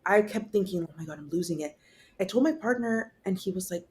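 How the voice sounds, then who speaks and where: A woman's voice: fairly low pitch, fairly quick, a little mellow, slight background noise. Candid young woman telling a raw story. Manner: candid, casual, swearing, many fillers and restarts. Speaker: podcast guest. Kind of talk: emotional personal storytelling.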